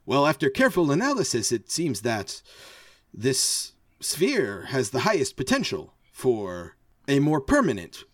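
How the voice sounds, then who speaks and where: A man's voice: mid-range voice, huge pitch swings, unhurried, no echo, studio quality. A man voicing a weary male robot commander who speaks formally with hesitations.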